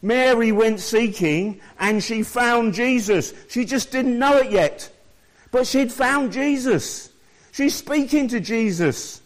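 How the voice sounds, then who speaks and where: A man's voice: extremely high pitch, slow. A man preaching a sermon, reading scripture aloud and explaining it to his listeners.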